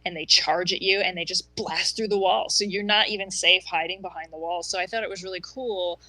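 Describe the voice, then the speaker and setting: A woman with a bright, forceful tone, talking eagerly and explaining in detail, her speech full of fillers. The sound is dry and close. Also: on the low side, fairly even intonation, a little fast, no room sound, low-quality recording. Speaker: podcast co-host. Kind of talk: casual chat.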